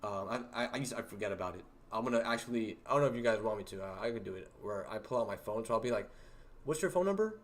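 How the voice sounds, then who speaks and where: A young man hosting a livestream, telling stories about work in a rambling, halting way with many fillers and laughs. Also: lowish voice, steady tone. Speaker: livestream host. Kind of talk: casual storytelling to a livestream chat.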